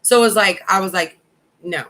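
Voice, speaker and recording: A woman's voice: medium pitch, lively intonation, fairly quick, sharp tone, rough recording. A middle-aged woman co-hosting a casual chat, telling a family story in a candid way and acting out the dialogue. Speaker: podcast co-host.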